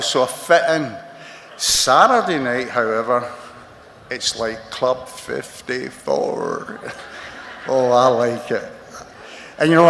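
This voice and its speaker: Scottish man, 60s, unhurried comic storyteller with self-mocking humor, speaking in a roomy hall with long reverb. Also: medium pitch, fairly bright tone. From Scotland. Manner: wry, joking, self-mocking. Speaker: recovery meeting speaker. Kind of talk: comic storytelling talk to a crowd. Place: large convention hall. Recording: echoey hall, faint noise.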